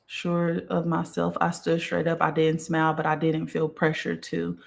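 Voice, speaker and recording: A woman hosting a spiritual live stream, reading viewer comments aloud in casual chat and affirming them with a steady "okay" and "period". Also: deep voice, moderate pace, creaky. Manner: affirming, repeats "okay" and "period", relaxed and chatty; yawns and sighs now and then.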